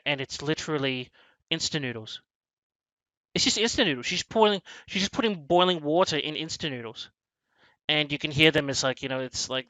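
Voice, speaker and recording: A man with a bright, fairly high voice talks through a film in a loose, rambling way, stumbling over restarts and breaking into quoted lines. The sound is dry and close, with no room around it. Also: moderate pace, no echo, rough recording. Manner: rambling, animated, many restarts and acted-out quotes. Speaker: movie review podcast host. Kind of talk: casual film discussion.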